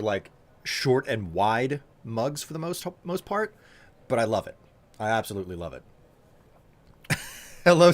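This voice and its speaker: A man streaming live, chatting casually and teasing his viewers while thanking them by name. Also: medium pitch.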